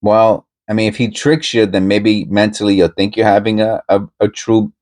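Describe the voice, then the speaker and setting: A man with a fairly low voice talks casually to his viewers about coin hunting. He rambles, restarts his sentences and breaks off mid-thought. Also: steady tone, moderate pace, darkish tone. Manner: rambling, self-interrupting, conversational. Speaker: coin-hunting channel host. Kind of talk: casual commentary to camera.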